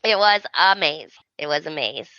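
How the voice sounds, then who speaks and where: A woman's voice: sits low, animated, brisk, pushed and bright, no room sound, highs cut off. A woman hosting a podcast, chatting casually and acting out characters' lines as she recaps. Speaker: podcast host.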